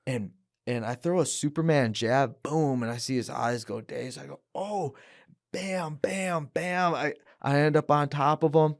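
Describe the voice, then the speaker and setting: A young man on a podcast who tells his story in a casual, animated way and acts out the voices of the people in it. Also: mid-range voice, moderate pace, gravelly. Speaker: guest, fighter. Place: podcast studio.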